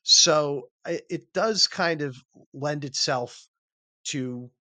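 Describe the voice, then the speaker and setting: A man calmly explaining a story's appeal in casual talk, thinking aloud with small restarts and "kind of" asides. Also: fairly high pitch, takes it slowly, dry recording. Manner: thoughtful, restarts and hedging phrases like "kind of".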